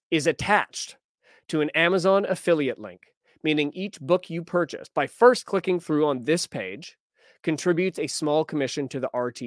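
A man's voice: fairly high pitch, no echo, clean studio sound. A man hosting a news podcast, talking casually and wryly as he reads and reacts to headlines and posts. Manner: conversational, wry, reads quotes aloud.

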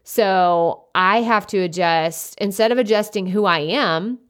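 A young adult woman hosting a solo podcast, chatty and naturally loud, speaking into a desktop USB microphone with many casual fillers. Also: medium pitch, measured pace. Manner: chatty, lots of "like" fillers, self-described loud. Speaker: podcast host.

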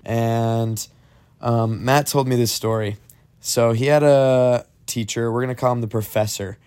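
Young dude telling spooky stories to friends, tons of likes and ums, average pitch. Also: male voice, fairly even intonation, unhurried, a little mellow, clear, resonant tone. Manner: rambling, heavy on "like" and "um" fillers. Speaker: podcast storyteller. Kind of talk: casual spooky storytelling.

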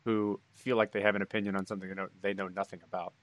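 A man with a lowish voice calmly lays out explanations during a podcast chat. His delivery is measured and even. The recording is dry, with no room sound. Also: no room sound. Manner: calm, explanatory. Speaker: podcast co-host.

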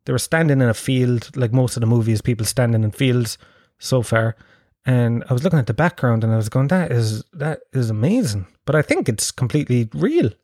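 A man's voice: medium pitch, animated, a little fast, a little mellow, dry recording, clean studio sound. Sweary, rambling man chatting. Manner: sweary, rambling, self-mocking. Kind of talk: casual chat.

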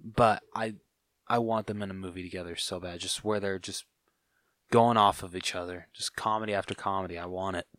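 A man's voice: low-pitched, steady tone, fairly quick, a bit bright, dry recording. A man co-hosting a podcast, talking casually with lots of hesitation and self-deprecating jokes. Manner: hesitant, many fillers and restarts, self-deprecating. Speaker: podcast co-host. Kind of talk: casual chat.

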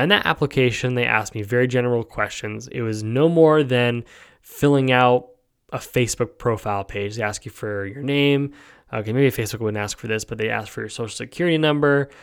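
A man's voice: medium pitch, fairly bright tone, clean tone. A man hosting a podcast, talking through his opinions in a rambling way, with lots of fillers and a habit of asking "right?". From United States. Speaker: podcast host. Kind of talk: casual opinion monologue.

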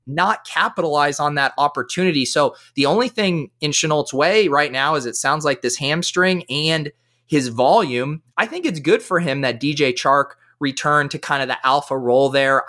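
An energetic man talking as a podcast guest. His voice is bright and forceful, and he speaks with eager enthusiasm in easygoing conversation. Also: moderate pace. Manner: high-energy, eager talker. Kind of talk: casual podcast chat.

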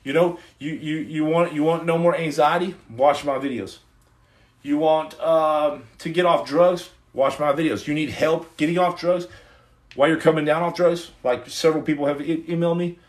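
A man's voice: on the high side, steady tone, moderate pace. A man chatting live with his viewers in a slightly raised voice. He rambles and restarts his sentences and slips into earnest pep talk. The room around him is echoey. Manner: rambling and repetitive, with many restarts. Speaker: livestream host and former Navy SEAL. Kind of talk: casual livestream chat, reading viewer comments.

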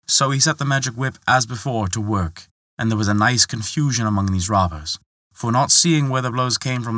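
A man narrating a folktale, reading in an expressive way and lifting his voice for the characters' lines. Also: no room sound, clean studio sound. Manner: expressive, lifts pitch for quoted characters. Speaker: storyteller.

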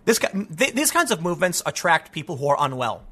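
A man's voice: a little high, very animated, fast talker, pushed and bright, breathy edge. A man hosting an opinionated news commentary show, reading stories aloud and mocking them with sarcastic, rambling asides.

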